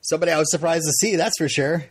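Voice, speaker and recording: A middle-aged man from Vermont, co-hosting a podcast and telling a story in casual chat, animated and laughing often. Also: a little high, very fast, husky. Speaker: podcast co-host.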